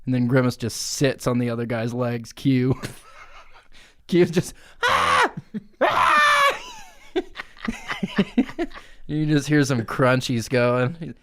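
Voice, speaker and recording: A man co-hosting a comedy podcast, telling an improvised crude story with laughter and lively swearing. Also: mid-range voice, takes it slowly, pauses often, raised voice, slight background noise. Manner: crude, laughing, animated riffing. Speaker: podcast co-host.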